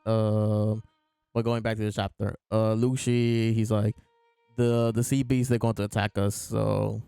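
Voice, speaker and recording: A man's voice: fairly low pitch, little pitch movement, a little slow, creaky, mellow, clean tone, no echo. A man hosting a casual chapter review, retelling scenes by quoting the characters in his own voice over faint background music. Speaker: host reviewing comic chapters.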